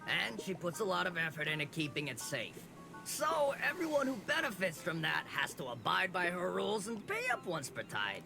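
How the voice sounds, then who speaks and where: A man's voice: high-pitched, very animated, moderate pace, gravelly, heavily acted. An actor playing a curt, officious male crab tax collector in a video game. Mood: officious, impatient. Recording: game audio with loud music.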